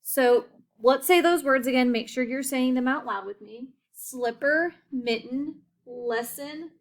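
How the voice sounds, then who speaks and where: A woman teaching a phonics lesson to children, enunciating slowly and clearly and often checking in with "okay?". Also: high voice.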